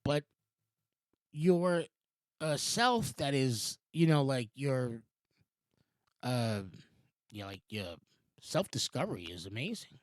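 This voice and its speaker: A man's voice: mid-range voice, sing-song, takes it slowly, long pauses, no echo, clean studio sound. A man in his forties hosting a morning show, talking in a digressive, rambling monologue with frequent restarts and casual swearing. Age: 40s. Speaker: show host.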